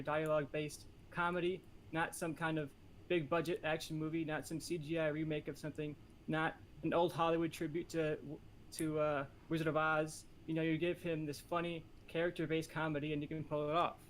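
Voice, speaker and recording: A man pitching a movie idea on a comedy podcast, rambling and joking with many fillers. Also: slight background noise. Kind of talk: casual comedic podcast chat.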